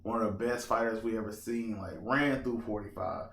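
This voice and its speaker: A man hosting a casual solo podcast, talking in an animated, repetitive, slangy way and often checking in with the listener. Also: on the low side, moderate pace, reverberant. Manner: animated, repetitive, slangy, keeps asking "you know what I'm saying". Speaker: podcast host.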